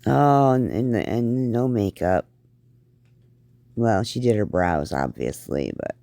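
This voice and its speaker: Middle-aged woman host, slow, gravelly, scornful reaction commentary. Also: rumbling low, expressive, mellow, no room sound. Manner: blunt, scornful, rambling asides.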